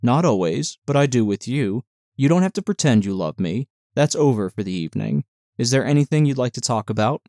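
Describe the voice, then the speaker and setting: A man voicing a tender, fragile young woman nurse in an audiobook, speaking softly and pleadingly. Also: mid-range voice, lively intonation, brisk, no echo, studio quality, natural voice.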